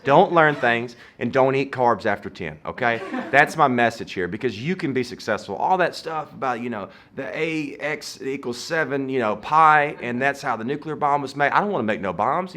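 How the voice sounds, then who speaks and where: Guy in his 30s telling funny stories, bright voice, all over the place loud and soft. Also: mid-range voice, moderate pace, hardly any pauses. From Southern United States. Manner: animated, playful, swings loud and soft. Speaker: comedian. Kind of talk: comedic storytelling. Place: garage.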